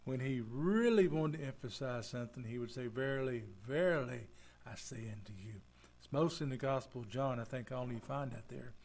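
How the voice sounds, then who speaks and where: A man's voice: mid-range voice, a little fast, hardly any pauses, darkish tone. A man preaching a folksy sermon as pastor, acting out the people he quotes. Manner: folksy, acts out quoted voices.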